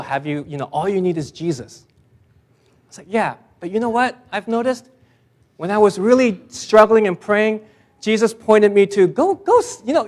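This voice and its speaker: Animated, high-voiced male pastor. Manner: storytelling, animated, self-deprecating, with restarts. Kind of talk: conversational sermon. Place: church.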